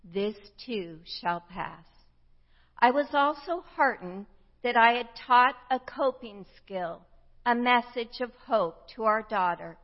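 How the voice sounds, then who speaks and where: Slow, reflective woman preaching in a hall. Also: fairly high pitch. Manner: reflective storytelling, slow and measured. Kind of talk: sermon. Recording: dull sound with long hall reverb.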